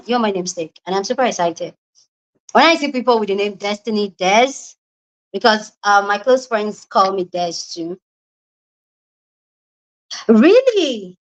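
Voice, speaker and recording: Excitable woman hosting a live stream. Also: on the high side, low-quality recording. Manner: excitable, squeals and shouts when excited. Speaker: livestream host. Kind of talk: casual live-stream chat. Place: home room.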